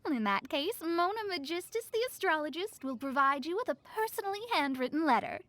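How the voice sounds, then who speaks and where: An actress voicing a haughty, sharp-tongued young woman astrologist in a game. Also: high voice, very animated, brisk, no room sound. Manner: teasing, haughty. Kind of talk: game voice acting.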